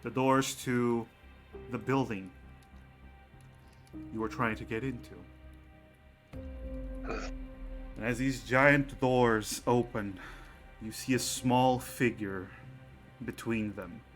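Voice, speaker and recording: A man narrating a tabletop game as game master, in a slow, unhurried way. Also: mid-range voice, fairly even intonation, faint music behind.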